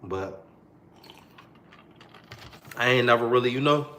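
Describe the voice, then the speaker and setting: A man's voice: mid-range voice, slow, fairly bright tone, echoey room. A young man telling a personal story to the camera in a slangy, repetitive, heartfelt way.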